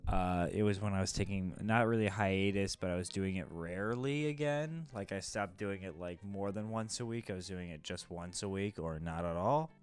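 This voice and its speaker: A man's voice: deep voice, normal speed, few pauses, smooth. A young man giving casual, blunt, self-critical commentary on his own old stand-up set.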